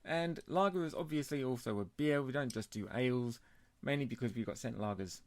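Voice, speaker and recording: A man co-hosting a beer podcast in casual chat, chatty and quick to laugh. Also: mid-range voice, no echo. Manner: chatty, laughs often, puts on joke accents. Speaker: podcast co-host.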